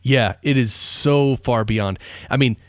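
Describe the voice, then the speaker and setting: An enthusiastic man hosting a podcast, talking casually and firing off rhetorical questions. His voice sits at a middle pitch and sounds dry and close to the mic. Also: takes it slowly, clear, resonant tone, no room sound. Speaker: podcast host. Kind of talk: casual interview chat.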